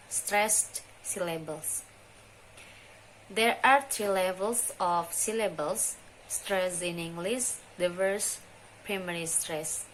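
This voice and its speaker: A young woman, a student, presenting a phonology lesson in slow, halting, deliberate speech. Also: fairly low pitch, a little hiss or hum, low-quality recording. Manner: deliberate, halting delivery with restarts and mispronounced terms. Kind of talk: slow, careful lesson reading.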